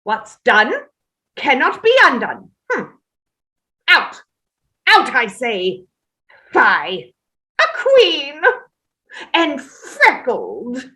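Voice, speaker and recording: A woman's voice: sits high, wildly swooping pitch, extremely slow, pauses often, sharp tone, heavily acted. A woman reading the part of an imperious, sleepwalking Tudor queen in a staged play reading, declaiming with haughty command. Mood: sleepwalking raving.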